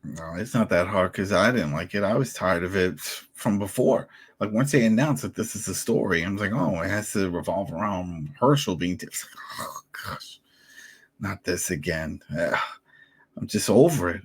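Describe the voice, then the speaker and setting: A man's voice: on the low side, husky. A man co-hosting a casual podcast discussion, animatedly recapping scenes and acting out the characters' lines. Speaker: podcast co-host.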